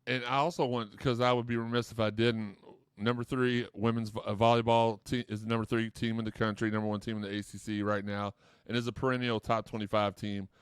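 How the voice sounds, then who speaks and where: Male sports podcast host, lowish smooth voice, rambling joker. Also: little pitch movement, a little fast, dry recording, studio quality. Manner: rambling storyteller, jokey, many restarts. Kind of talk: casual chat.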